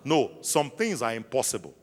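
Animated male preacher in a reverberant church. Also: medium pitch, moderate pace. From South Africa. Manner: preaching with call-and-response questions to the congregation. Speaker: pastor. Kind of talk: sermon. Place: large church hall. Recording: long hall reverb with faint music.

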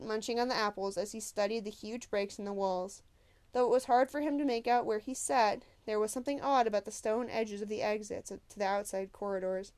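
A woman with a mid-range voice works as an audiobook narrator, reading a novel in a steady, measured storytelling voice as scripted narration.

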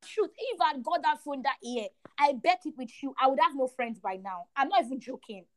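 A young woman with a high, bright voice tells a personal faith story on a podcast. She is animated and emphatic and leans on repetition to drive her points home. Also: brisk. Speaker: podcast co-host. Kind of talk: faith testimony chat.

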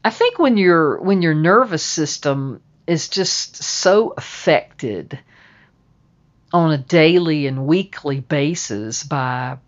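A woman telling a personal story in a casual, drawling way, dropping to a hush at tense moments. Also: low voice, lively intonation, slow, highs cut off. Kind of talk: casual spoken anecdote.

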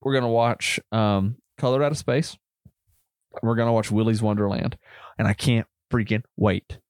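A man with a Southern US country accent chats loosely about films on his podcast, tossing in "bro" and "man". His voice sits somewhat low. The sound is dry and close. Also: steady tone, moderate pace, a little mellow, no echo. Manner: laid-back, rambling, says bro and man. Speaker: podcast co-host. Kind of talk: casual chat.

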